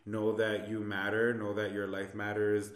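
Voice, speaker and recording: Male podcast host, low voice, laid-back chat, roomy echo. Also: monotone, moderate pace.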